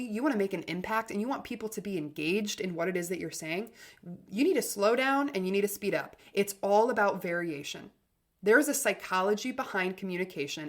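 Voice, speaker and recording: A medium-pitched woman hosts a self-help podcast, speaking energetically and emphatically. She restarts phrases and swings widely between loud and soft.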